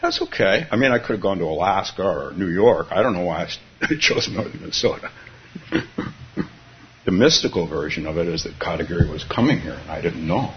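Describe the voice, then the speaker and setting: A Zen teacher from California gives a dharma talk, musing aloud with frequent chuckles and restarts. His low voice is animated and brisk, with slight background noise on a dull, lo-fi recording.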